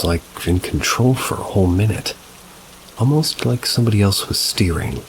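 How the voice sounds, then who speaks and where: Male narrator, deep and unhurried, scripted story reading over steady rain. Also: noisy background. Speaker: narrator of reader stories.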